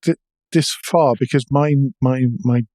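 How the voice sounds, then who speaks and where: A man's voice: medium pitch, fairly even intonation, measured pace, mellow, no room sound. Chatty male podcast co-host, dry sound. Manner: chatty, hesitant with fillers and restarts. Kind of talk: casual chat.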